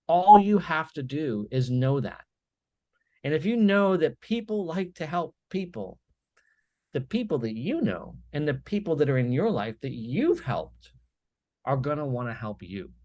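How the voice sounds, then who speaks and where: A man speaking as a guest on a business podcast, with energetic, emphatic storytelling full of quick "right?" tags. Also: fairly high pitch, no echo. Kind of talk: podcast interview.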